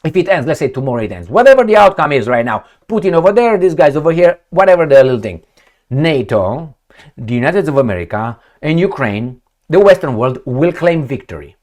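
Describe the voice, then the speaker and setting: A man rants through a solo political commentary. His pitch swoops up and down as he mocks and scoffs, sitting a touch higher than most men. He talks casually and swears freely. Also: fairly quick. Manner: animated, sarcastic, profane, mocking put-on quotes. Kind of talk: opinionated solo monologue.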